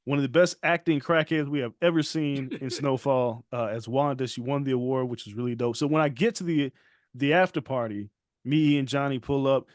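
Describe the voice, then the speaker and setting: A podcast co-host tells a story in casual chat, acting out what people said and laughing often as an animated storyteller. His mid-range voice runs a little fast, recorded at studio quality with no echo.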